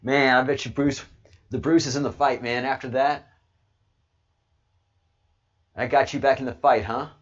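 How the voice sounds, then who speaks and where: An American man hosting his channel in a casual, rambling livestream monologue, excitable and swinging from low mutters to loud outbursts. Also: a little slow, long pauses, muffled recording. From United States. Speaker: channel host.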